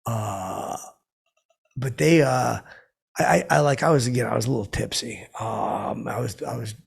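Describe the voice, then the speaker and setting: Gravelly, raspy man rambling on. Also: medium pitch, normal speed. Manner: rambling, boastful, stammering. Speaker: comedic character host telling stories. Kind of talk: rambling comedic monologue.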